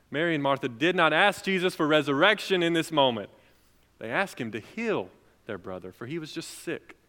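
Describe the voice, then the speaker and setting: A young adult man preaching a sermon as pastor, swinging between loud, emphatic lines and soft, quiet ones. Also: mid-range voice. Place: church sanctuary. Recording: long reverb of a large hall.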